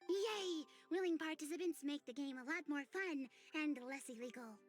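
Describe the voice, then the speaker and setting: A woman voicing an odd, whimsical young woman hosting a tea party, rambling dreamily with sudden leaps in pitch. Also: normal speed, over loud music, close to an everyday voice.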